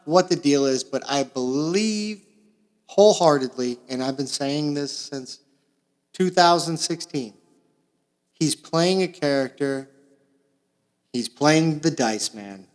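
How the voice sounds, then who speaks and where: A young man from Florida rambles through a crude, sarcastic comedy monologue, his voice sitting a little higher than most men's. He drops to mumbled asides, then jumps into loud outbursts. He records in a small makeshift space at home. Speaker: podcast host.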